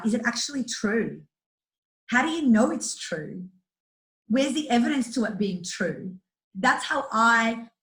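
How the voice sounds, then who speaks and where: A woman talking as an interview guest about coaching children, earnest and animated, speaking bluntly with mild swearing. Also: a little high. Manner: earnest, animated, acts out quotes. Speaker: guest, youth empowerment and kids' yoga coach. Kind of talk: casual interview talk. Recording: roomy echo.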